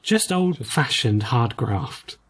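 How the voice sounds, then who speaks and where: A man's voice: mid-range voice, expressive, slow, breathy edge. A man co-hosting a podcast, chatting casually about retro games in a rambling, hesitant way with lots of fillers. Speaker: podcast co-host.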